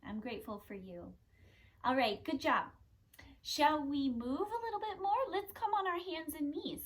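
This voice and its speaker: A young woman teaching a kids yoga class in a gentle, playful, encouraging way. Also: high voice, animated, moderate pace, low-quality recording. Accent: Californian.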